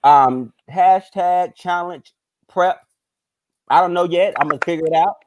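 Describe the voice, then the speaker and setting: A man's voice: sits high, unhurried, background noise. A man hosting a casual talk show, rambling with many ums and restarts. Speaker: podcast host. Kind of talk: casual chat.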